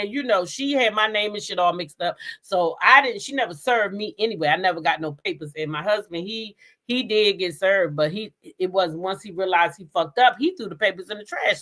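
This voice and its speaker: Woman with a higher voice doing casual live stream gossip, cussing a lot, laughing all the time. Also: fairly bright tone. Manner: blunt, profane and laughing often. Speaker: host of a gossip show.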